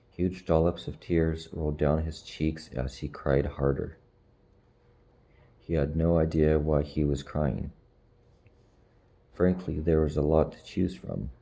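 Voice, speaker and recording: Male narrator, extremely low pitch, slow pace, dark tone, audiobook reading.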